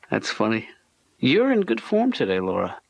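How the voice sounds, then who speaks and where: An actor playing a mild-mannered middle-aged therapist in a cartoon, talking softly and dryly with small hesitations. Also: male voice, fairly high pitch, huge pitch swings, slow pace, gravelly, background noise, full character voice. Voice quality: soft-spoken, dry, hesitant. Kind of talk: cartoon sitcom dialogue.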